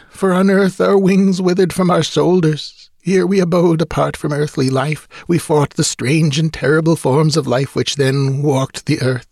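A man voicing an ancient, blind and tortured alien elephant-being, speaking in a slow, solemn and mournful chant. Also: fairly high pitch, creaky, darkish tone, no echo, studio quality, voice pushed up. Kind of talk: audiobook character reading.

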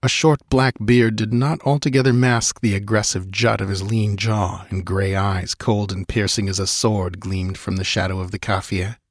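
A man narrating an adventure audiobook in a measured, dramatic way. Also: fairly low pitch, level tone, dry recording, clean studio sound. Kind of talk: scripted narration.

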